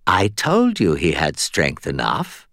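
A man narrating an audiobook voices an unseen supernatural being, speaking in a dry, rasping whisper that is slow and drawn out. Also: deep voice, wildly swooping pitch, a bit bright, dry recording, pitched below the performer's own voice, exaggerated voice. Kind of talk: audiobook character voice.

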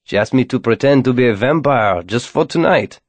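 Man playing a smug, handsome young Frenchman, smooth and smiling, close dry audiobook sound. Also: mid-range voice, lively intonation, moderate pace, no echo, pitched above the performer's own voice, close to an everyday voice.

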